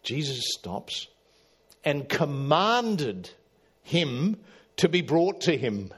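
A middle-aged man preaching a sermon, swinging from loud emphatic calls to quiet, low asides. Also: very animated, drawn-out words, husky. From Australia. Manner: dramatic, rising to loud emphatic calls then dropping quiet. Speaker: pastor.

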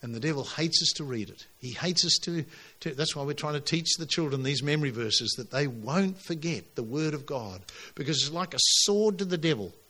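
A male pastor preaches with a bright, forceful tone pitched somewhat high. He drives his points home emphatically, lifting his voice on the big declarations. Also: a little fast. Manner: emphatic, animated preaching with rising exclamations. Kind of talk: sermon.

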